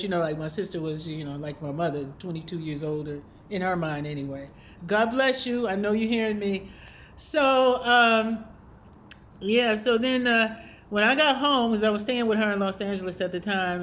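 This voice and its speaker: A woman's voice: medium pitch, a little hiss or hum. A woman hosting a spiritual video series, telling a personal story in a casual, reflective way with many fillers and small laughs.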